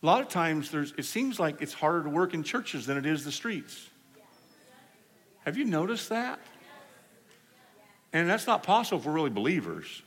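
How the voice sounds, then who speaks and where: A man preaching a sermon, telling healing stories in an animated way and acting out the people he quotes. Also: on the high side, moderate pace, pauses often. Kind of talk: storytelling sermon. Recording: hall reverb.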